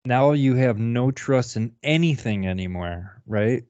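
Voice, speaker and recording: With an unhurried, expressive delivery, this man's mid-range voice has a darkish tone and no echo. He co-hosts a podcast full of casual, profane chat and laughter, captured on a dull, dry, lo-fi recording.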